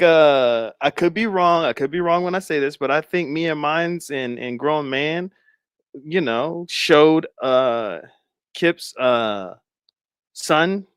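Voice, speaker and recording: Animated man gossiping over a dry mic. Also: a little high, smooth, no room sound. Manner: laughing, rambling, speculative gossip. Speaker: commentary streamer. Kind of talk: casual commentary chat.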